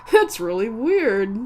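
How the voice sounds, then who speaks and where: A woman with a slight American country accent chats casually to a live-stream audience, rambling, correcting herself, and chuckling as she goes. Her voice is a little high with a dark tone; there's a little hiss or hum and faint background music.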